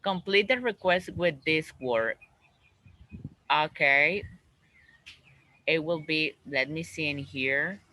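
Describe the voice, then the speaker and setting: A man teaching an English class over a video call, slowly repeating words and phrases for his students. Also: fairly high pitch, sharp tone, dry recording, poor audio.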